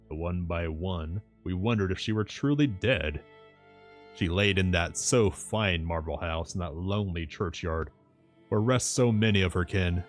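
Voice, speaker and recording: A man voicing a deep-voiced old rambling professor. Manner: archaic broken-English phrasing.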